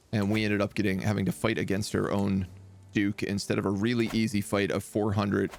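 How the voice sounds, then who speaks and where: A man's voice: lowish voice, creaky, a little hiss or hum. A man streaming a strategy game, thinking aloud in casual, chatty live commentary.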